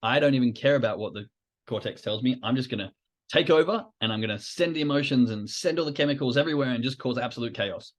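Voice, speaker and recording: A man's voice: mid-range voice, quick pace, lightly acted. A man doing a panicking amygdala voice. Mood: panicked. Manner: alarmed, urgent. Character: panicking amygdala, frantic male inner brain voice.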